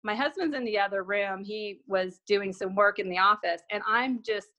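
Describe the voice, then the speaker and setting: Bright-voiced woman telling a story. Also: mid-range voice, normal speed, highs cut off. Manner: acts out remembered dialogue, trailing restarts. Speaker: guest. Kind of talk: conversational storytelling.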